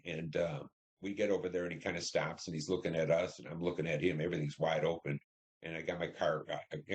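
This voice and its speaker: Deep-voiced older man recounting war memories. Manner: vivid storytelling, acts out radio dialogue. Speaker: Vietnam veteran interviewee. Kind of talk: oral history interview.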